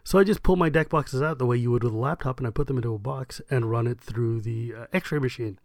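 A man hosting a podcast, telling a story in a lively, casual way and laughing along. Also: medium pitch, fast talker, no room sound, clean studio sound. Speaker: podcast host.

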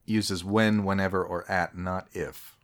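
A man hosting a podcast in casual chat, playful and quick to add pedantic corrections. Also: low-pitched, steady tone. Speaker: podcast host.

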